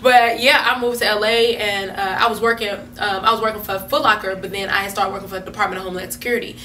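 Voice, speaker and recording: A woman comedian is a guest in an interview, chatty and laughing as she tells animated stories. Her voice is bright. The room sounds echoey and the mic is at a distance, with a faint hum. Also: mid-range voice, fast talker.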